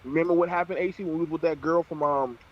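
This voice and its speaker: A man's voice: fairly high pitch, steady tone, quick pace, slight background noise. A man hosting a heated panel talk, blunt and profane. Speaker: show host. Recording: dull lo-fi audio.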